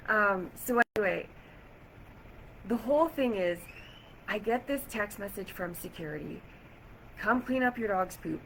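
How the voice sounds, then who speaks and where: A woman vlogging to camera, chatty and animated as she retells an irritating day, with lots of "like". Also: mid-range voice, creaky, slight background noise, poor audio. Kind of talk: casual storytelling to camera. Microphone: camera or phone mic.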